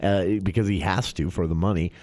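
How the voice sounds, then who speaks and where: A man co-hosting a radio movie show in casual chat, talking in halting restarts and reading a plot summary aloud. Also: low voice, fairly even intonation, darkish tone, no echo.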